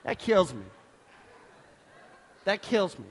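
A man with a high voice delivers a sermon from the pulpit. His delivery swings between forceful outbursts and soft, hushed asides. The church around him carries a long, ringing reverb. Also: slow, breathy edge. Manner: animated preaching, swinging from loud bursts to hushed tones. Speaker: pastor.

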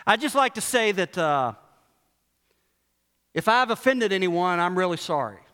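A man's voice: high-pitched, big pitch swings, measured pace, sharp tone, clean tone, full character voice. A man acting out another man giving an offhand, reluctant and insincere apology, in a reverberant hall. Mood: grudging.

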